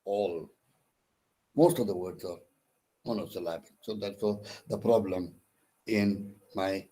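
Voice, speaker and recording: A man with an Indian English accent giving a recorded English lesson, spelling words out letter by letter and pausing often with "uh" and self-corrections. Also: deep voice, mellow, low-quality recording. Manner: frequent pauses with "uh" and self-corrections. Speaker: counsellor teaching English. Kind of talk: recorded lecture.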